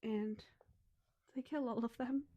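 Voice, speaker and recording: A woman co-hosting a casual book podcast, retelling a story's scenes with lots of swearing and quick acted-out dialogue. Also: fairly high pitch, steady tone, warm tone, dry recording. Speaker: podcast co-host. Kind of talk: casual book review chat.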